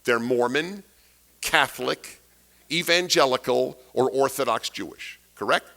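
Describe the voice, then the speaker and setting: Man, older, lecturing to a crowd; forceful, bright-edged delivery, heavy on repetition and rhetorical questions. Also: mid-range voice, a little slow, gravelly. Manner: emphatic, rhetorical questions, repeats key phrases. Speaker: speaker giving a talk. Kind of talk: political lecture to an audience.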